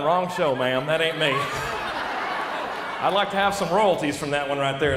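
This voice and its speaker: A high-voiced man works a comedy club crowd in a rambling stand-up set and chuckles between lines. His handheld stage mic picks up the long echo of the hall, and steady noise sits underneath. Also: normal speed, long pauses. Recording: echoey hall with audible noise.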